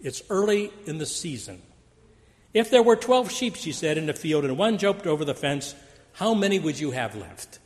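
A man preaching a sermon, telling stories in an animated storytelling manner. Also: moderate pace. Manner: storytelling with wide pitch swings. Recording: long hall reverb.

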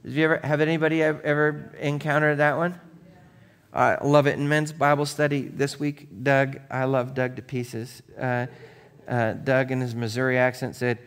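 A man pastor delivering a conversational sermon, dropping to a hush and then rising to emphatic points while asking his listeners direct questions. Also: medium pitch, little pitch movement, normal speed, smooth, long reverb tail. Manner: conversational, swings between hushed and emphatic; asks the congregation direct questions.

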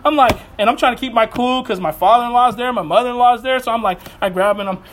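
High-voiced earnest male pastor. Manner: earnest, animated storytelling with quick asides. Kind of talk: sermon.

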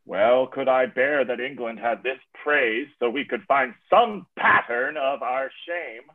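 Grave defeated king, measured declamation, slow, thin phone-like sound, played by an actor. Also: mid-range voice, close to an everyday voice. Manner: measured, declamatory verse delivery. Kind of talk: classical stage drama. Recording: tinny phone-like radio sound.

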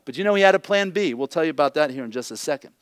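Blunt, joking pastor with a higher voice. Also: male voice, animated, rapid-fire, smooth, dry recording, studio quality. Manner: blunt, joking asides, repeats "okay?". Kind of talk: conversational sermon.

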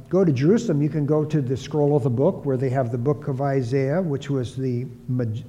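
A man's voice: fairly high pitch, dark tone. A man preaching an expository Bible teaching, emphatic, often repeating key phrases for stress. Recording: long hall reverb.

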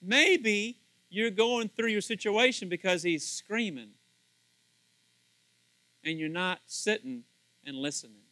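A male pastor preaches in a lively, chatty way, stumbling over and repeating words as he acts out scenes. His voice sits high and sounds bright and forward. The recording is dry and close. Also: takes it slowly, pauses often, no echo, rough recording. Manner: animated, conversational, repeats words, acts out quotes. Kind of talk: sermon.

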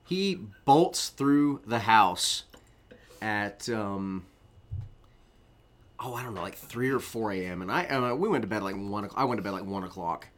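A man's voice: on the low side, lively intonation, unhurried. A young man co-hosting a podcast, telling a long, rambling, profane story in casual chat. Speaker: podcast co-host.

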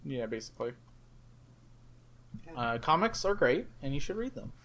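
A man's voice: medium pitch, very animated, normal speed, a bit bright. A man co-hosting a podcast, rambling through comic lore with lots of fillers and enthusiasm. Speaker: podcast co-host. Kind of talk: casual chat.

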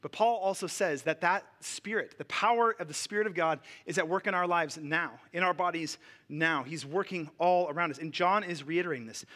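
A man preaching in a relaxed, chatty sermon voice, full of fillers and quick restarts. His voice sits high for a man and sounds bright and forward. He is a pastor in his thirties. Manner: casual, conversational preaching with many fillers and restarts.

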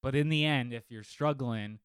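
A man co-hosting a casual fantasy football podcast, telling stories in a lively, profane way from a home studio. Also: medium pitch, moderate pace, clean tone, no echo. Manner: animated, profane storytelling. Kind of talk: casual chat. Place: home studio living room.

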